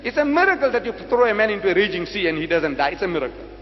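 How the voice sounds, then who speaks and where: A man's voice: high-pitched, very animated, rapid-fire. An older man from South Africa preaching to an audience, dramatic and full of rhetorical questions, repeating phrases for emphasis. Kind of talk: public lecture to an audience. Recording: lo-fi hall recording with faint hum.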